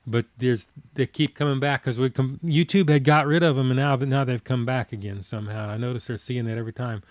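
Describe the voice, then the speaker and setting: A man's voice: medium pitch, fairly even intonation, fast, no echo. A man hosting a live stream, chatting casually in a plainspoken, folksy way while he reads viewer comments. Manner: plainspoken, folksy, rambling with fillers.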